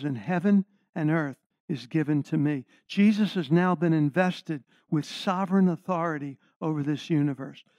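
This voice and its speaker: A man's voice: fairly high pitch, darkish tone, no room sound. An older man, a guest preacher, giving an earnest sermon and putting questions to the congregation.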